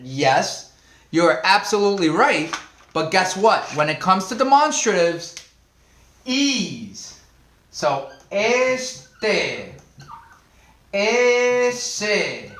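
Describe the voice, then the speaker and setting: A man leads a live online Spanish lesson with a playful, animated manner, reacting to viewers' comments as he goes. His voice sits high and swings widely in pitch while he speaks at an unhurried pace. The recording carries a noticeable room echo. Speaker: Spanish teacher. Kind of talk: live online language class.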